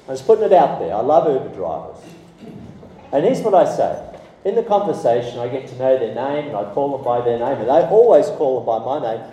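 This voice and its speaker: A man preaches a sermon, chatty and animated, his warm, mellow voice swinging up and down. He sounds a little far from the mic in an echoey church hall, with faint background noise. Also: mid-range voice. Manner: lively, conversational preaching with asides. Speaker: pastor.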